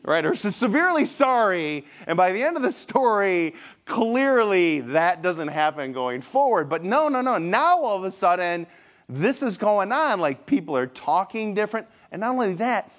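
A man's voice: sits high, moderate pace. A man giving a conversational church seminar, acting out the voices of children and parents as he tells his story. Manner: animated, acts out voices of kids and parents. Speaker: seminar speaker.

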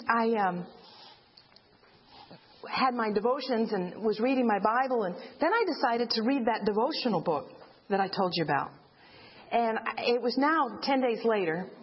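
A woman giving an earnest personal faith testimony as a widow, telling her story plainly and rising in pitch when she relives her cries. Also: breathy edge. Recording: dull lo-fi recording.

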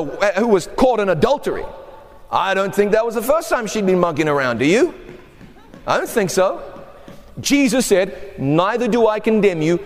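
A man's voice: high-pitched, in a large hall. A male pastor preaching a sermon in a conversational, emphatic way, acting out the people he quotes.

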